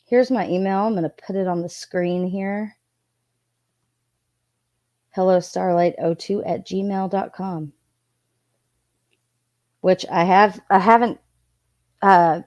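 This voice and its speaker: A woman's voice: fairly low pitch, a little mellow, no room sound. A woman hosting a live stream, reading text messages aloud and chatting with viewers, now and then scolding chatters. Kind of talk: casual live-stream commentary.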